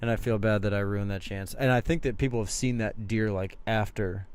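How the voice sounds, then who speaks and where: A man's voice: fairly low pitch, steady tone, brisk, darkish tone, smooth. A young man co-hosting a casual podcast, telling rambling, profane stories. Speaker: podcast co-host. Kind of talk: casual chat.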